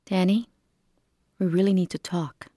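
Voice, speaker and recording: A woman acting a caring aunt who speaks gently and pleads with her nephew. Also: lowish voice, fairly even intonation, unhurried, no room sound, studio quality. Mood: pleading. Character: caring aunt, patient and worried.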